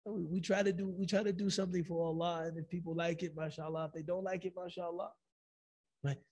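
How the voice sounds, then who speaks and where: A man's voice: high-pitched, fast talker. A man giving an Islamic lecture, telling stories animatedly and acting out quoted lines. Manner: animated storytelling, acts out quotes.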